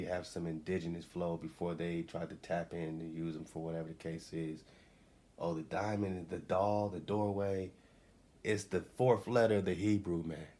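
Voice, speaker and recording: A man's voice: sits low, warm tone. A man hosting a radio show, giving a loose, slangy spiritual talk and repeating his phrases. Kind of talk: casual spiritual teaching talk. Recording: faint background noise.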